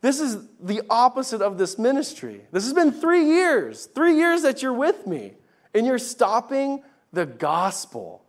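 A man's voice: very high-pitched, wildly swooping pitch, measured pace, pitched above the performer's own voice, full character voice. A man voicing a teacher who firmly corrects his followers with an emphatic rebuke. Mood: stern.

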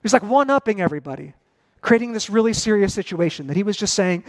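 Animated, high-voiced man preaching a sermon. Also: fast talker. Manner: conversational and animated, with casual asides. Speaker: pastor.

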